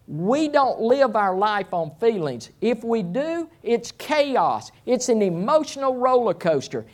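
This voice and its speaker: A middle-aged man preaching a sermon as pastor, speaking slowly and deliberately. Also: very high-pitched, sing-song. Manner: slow, deliberate delivery.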